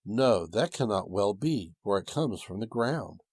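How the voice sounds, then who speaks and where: A man's voice: fairly low pitch, lively intonation, measured pace, a little mellow, breathy edge, no room sound. A man voicing a humble, fretful old woodcutter in a storybook tale, speaking in a rustic, exclaiming way.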